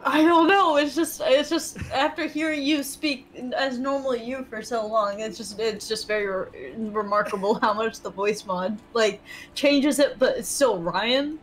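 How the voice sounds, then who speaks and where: Brief: a high-pitched woman player, animated and amused, casual banter. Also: unhurried, hardly any pauses. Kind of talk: casual gaming chat.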